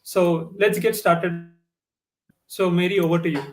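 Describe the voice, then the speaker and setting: High-voiced male livestream host. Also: steady tone, a little slow. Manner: apologetic, filler uh. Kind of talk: livestream introduction.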